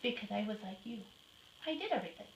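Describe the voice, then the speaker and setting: A woman talking casually and patiently to a group of children in a home, pausing now and then to give short commands to her dog. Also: medium pitch, expressive. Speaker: guest speaker with a guide dog. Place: indoors in a home. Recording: roomy, distant home-video sound with faint noise.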